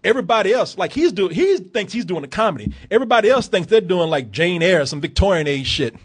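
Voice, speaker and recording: Animated, husky-voiced man reviewing films. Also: high voice, fast. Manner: animated, profane, laughs a lot, acts out lines. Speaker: podcast film reviewer. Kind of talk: casual chat.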